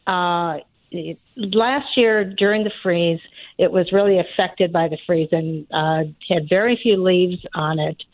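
A woman calling into a radio show, talking in a hesitant, halting way with fillers. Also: fairly low pitch, fairly even intonation, no room sound. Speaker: caller. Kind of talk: phone-in question. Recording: tinny dry phone line.

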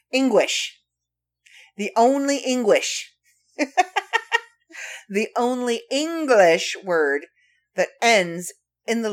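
A woman hosting a casual solo podcast, reading trivia facts aloud with playful, wry asides to her listeners. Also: medium pitch. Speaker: podcast host.

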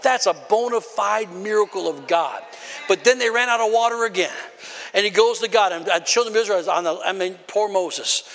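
A man delivers a fiery sermon in a strikingly high, bright voice, shouting out his points and calling for answers from the pews. His words echo with a long tail through a large church hall. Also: brisk. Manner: emphatic, often shouting, calls on the congregation. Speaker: preacher.

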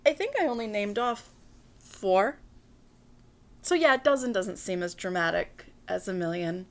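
A woman hosting a podcast in a casual monologue, brash and profane, talking quickly and joking with frequent laughs. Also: medium pitch, expressive. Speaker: podcast host.

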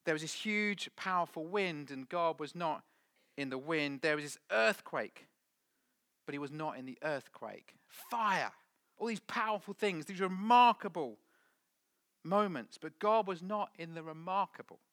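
Bright-voiced preacher, dramatic delivery. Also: male voice, on the high side, expressive, a little slow. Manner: dramatic, swinging from loud to whispered. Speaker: pastor. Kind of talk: sermon. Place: church hall with audience.

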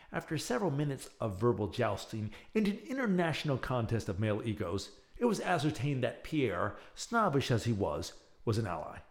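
A male podcast host chatting and reading a serialized story aloud, with chatty asides. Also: medium pitch. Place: home, near an open window.

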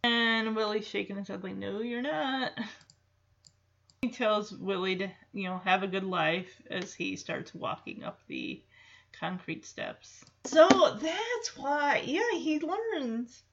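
A woman's voice: medium pitch, takes it slowly, slight background noise. A woman chatting casually through a film reaction, with many fillers and asides, in a lo-fi recording.

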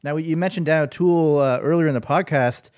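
A man's voice: fairly high pitch, brisk, darkish tone, dry recording, clean studio sound. A man guest in casual chat, hesitant and often repeating words. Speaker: podcast guest.

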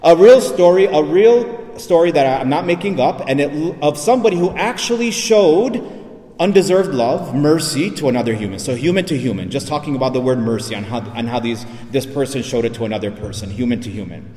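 A man preaching a homily, his fairly high voice ringing through a reverberant church. He tells a story and lets the people in it speak in his own voice. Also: expressive, a little fast, mellow. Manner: storytelling, acting out quoted voices in his retelling. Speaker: priest.

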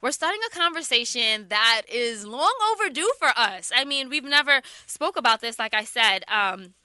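A woman hosting a talk radio show, chatty and quick to laugh. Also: a little high, animated, sharp tone, no echo.

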